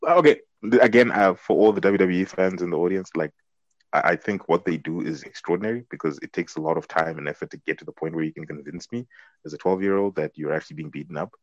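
A man's voice: sits low, fast, no room sound. A young man co-hosting a podcast, opinionated and stumbling over repeated words in casual chat. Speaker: podcast co-host. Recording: dry, slightly muffled podcast audio.

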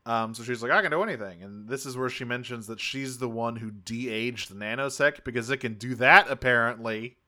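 A man's voice: medium pitch, steady tone, normal speed, hardly any pauses, bright, forceful tone. A man co-hosting a podcast, casually recapping a cartoon episode in a rambling, self-correcting way with offhand swearing. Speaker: podcast co-host.

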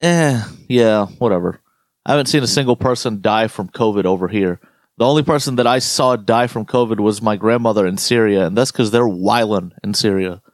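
A man's voice: lowish voice, fairly quick, dry recording, clean studio sound. A man co-hosting a casual chat, ranting with lots of swearing. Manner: profane, ranting, animated storytelling.

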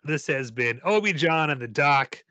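A man's voice: fairly high pitch, expressive, moderate pace, pushed and bright, no room sound. A man co-hosting a casual chat about movies, playful and joking, wrapping up the episode for listeners. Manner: playful, wraps up like a host. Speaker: podcast co-host.

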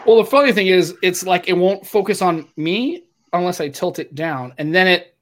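On a webcam video call from his home office, a middle-aged man hosts a podcast in a high-pitched voice at a moderate pace. His casual chat rambles and teases, with slight background noise behind it.

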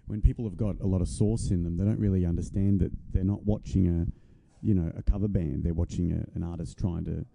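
Gravelly, dark-voiced man hosting. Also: low voice, fairly even intonation, quick pace, hardly any pauses. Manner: easygoing, many fillers, affirms with "yeah". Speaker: podcast host and musician. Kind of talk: casual chat.

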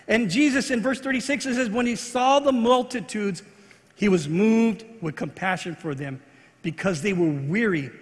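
A man's voice: high voice, fairly bright tone, long reverb tail. A man preaching a sermon as pastor, earnest, with repeated phrases and restarts. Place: church.

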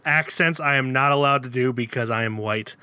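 A man's voice: mid-range voice, a little fast, bright, forceful tone, smooth, dry recording. A man in his thirties hosting a podcast, trading jokey, teasing banter in casual chat. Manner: jokey, mock-formal banter. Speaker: podcast host.

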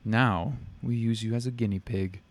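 A man voicing a calm, cruel alien creature. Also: fairly low pitch, normal speed. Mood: calm menace. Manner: calm, matter-of-fact menace.

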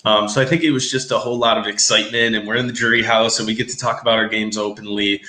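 In an echoey room, a podcast co-host with a lowish voice talks quickly about a reality show, animated and full of opinions in casual chat. He mocks quotes from it by putting on a voice.

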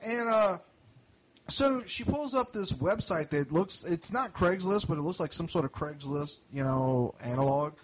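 A man on a comedy podcast telling a rambling story, acting out baffled dialogue with animated outbursts. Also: a little high, unhurried, background noise. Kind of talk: casual storytelling chat.

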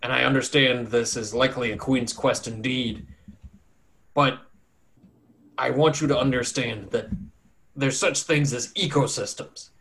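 A man voicing a gruff, standoffish, bearded male swamp warden who talks in a blunt, folksy way. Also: mid-range voice, fairly even intonation, measured pace, long pauses, a bit bright. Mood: earnest.

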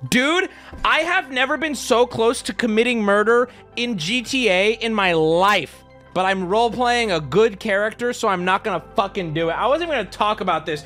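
A male streamer ranting casually, exasperated and swearing, sometimes shouting. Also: high voice, lively intonation, brisk, soft background music. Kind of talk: casual rant.

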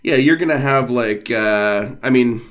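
A man's voice: medium pitch, unhurried, a bit bright. A man co-hosting a podcast, talking casually with many fillers and reading passages aloud. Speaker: podcast co-host. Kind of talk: casual chat.

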